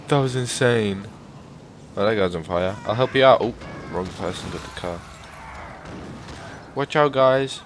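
Excitable man narrating his gameplay, low-voiced. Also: normal speed, long pauses, a little hiss or hum. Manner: excitable, swears often, bursts into loud exclamations; rambling, chatty asides to viewers. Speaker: gaming YouTuber. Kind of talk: casual gameplay commentary.

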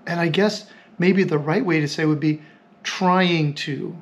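A man hosting a podcast, telling a story in a reflective, halting way and repeating phrases as he thinks aloud. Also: a little high, steady tone. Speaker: podcast host.

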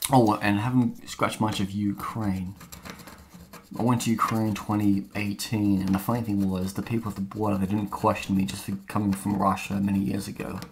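A man's voice: on the low side, slight background noise. A man vlogging casually as he scratches off a map, rambling and chatty with lots of fillers. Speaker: travel vlogger.

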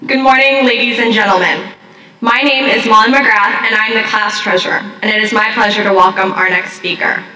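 A woman's voice: mid-range voice, steady tone, brisk, sharp tone, a little hiss or hum. A young woman in her late teens, the class treasurer, politely reading a formal introduction at a graduation. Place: large graduation ceremony. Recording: roomy, distant, faint ambience.

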